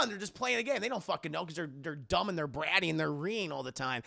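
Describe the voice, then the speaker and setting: A man's voice: high voice, animated, fast, vocal fry, pushed and bright. A young man streaming a casual, profane movie recap while talking to his chat.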